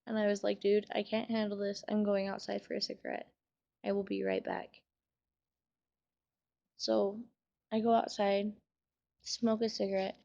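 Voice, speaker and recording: A woman's voice: medium pitch, flat delivery, normal speed, vocal fry, pauses often, dark tone, muffled recording. A young woman telling a sad personal story in a casual vlog, swearing and using many fillers while she fights back tears. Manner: emotional, trying to hold back tears. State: tearful. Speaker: vlogger.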